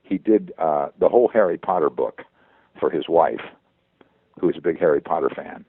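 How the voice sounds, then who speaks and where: A veteran voice actor talking in a phone interview, halting and repeating words as he goes. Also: very deep voice, animated, slightly rough, no room sound. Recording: tinny phone line.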